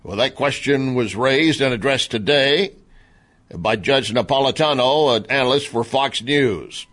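A man's voice: medium pitch, a little slow, a bit bright. A man hosting a political talk radio show, commenting in an emphatic, conversational way that often repeats points.

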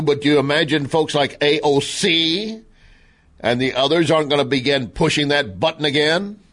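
A man's voice: medium pitch, fairly bright tone. A man hosting a political talk radio show, commenting in an emphatic, conversational way that often repeats points.

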